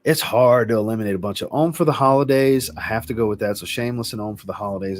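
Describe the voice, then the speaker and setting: Low-voiced man chatting on a livestream. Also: fast, hardly any pauses, a little hiss or hum. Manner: reads viewer comments aloud and answers them; relaxed, rambling, with filler words. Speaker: host. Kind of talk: casual livestream chat.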